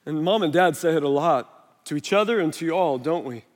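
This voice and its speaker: A man's voice: fairly high pitch, animated, fairly quick. Conversational man preaching in a reverberant hall. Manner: conversational, self-deprecating storytelling. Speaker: pastor. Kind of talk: sermon. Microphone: wireless body mic.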